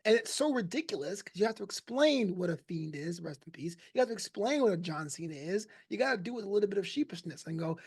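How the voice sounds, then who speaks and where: A man in his thirties chatting as a podcast guest, telling stories with animated, acted-out quotes and frequent laughter. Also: high-pitched, husky. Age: 30s. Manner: animated storyteller, laughs often, acts out quotes; voices other people in quick asides. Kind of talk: casual podcast chat.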